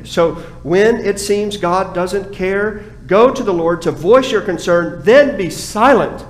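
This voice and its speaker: A man preaching a sermon as pastor, passionate, dropping to a hush and then rising again. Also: high voice, lively intonation, slow, hardly any pauses, echoey room, a little hiss or hum, poor audio. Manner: impassioned preaching, swings from hushed to raised. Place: church sanctuary.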